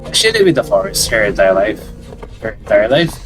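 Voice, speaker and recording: A man's voice: fairly low pitch, big pitch swings, fairly quick, over music. A man narrating a visual novel aloud as a let's play commentator, hesitant and repeating words as he reads.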